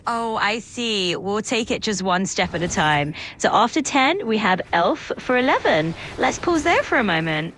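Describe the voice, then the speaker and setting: A woman's voice: medium pitch, big pitch swings, normal speed, few pauses, a bit bright, slight background noise. A woman's voice as an AI assistant, upbeat and agreeable, always promising to go on but stalling and repeating herself. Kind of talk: synthetic assistant chat.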